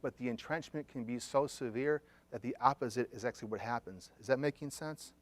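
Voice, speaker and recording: A middle-aged man, a therapist, telling a client story to an audience and acting out the quoted dialogue in lively fashion. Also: mid-range voice, brisk, no echo. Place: conference room.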